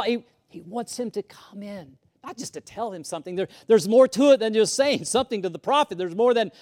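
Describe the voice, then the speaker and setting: A man preaching a sermon, moving from loud emphasis to hushed whispers and often repeating words as he starts a sentence. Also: a little high. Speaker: pastor.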